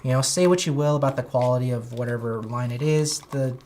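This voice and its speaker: A man with a high-pitched, whiny voice, rambling enthusiastically as he chats casually on a toy unboxing livestream. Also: fairly even intonation, brisk, a little mellow, a little hiss or hum. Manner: rambling, enthusiastic, self-correcting. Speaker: toy collector streamer.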